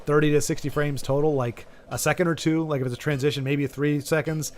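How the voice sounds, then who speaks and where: A man's voice: a little high, fairly even intonation, a little fast, darkish tone, slight background noise. A man hosting a gaming video, chatting casually while he plays and thinking aloud through long, rambling asides. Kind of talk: casual chat while playing a game.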